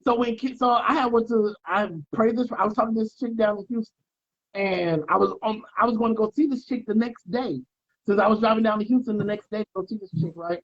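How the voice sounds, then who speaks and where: A man spins animated stories in a relaxed podcast chat, slipping into quoted voices and street slang. His voice is husky and breathy. The audio sounds dull and lo-fi. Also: high voice, fairly quick. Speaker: podcast co-host. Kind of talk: casual storytelling chat.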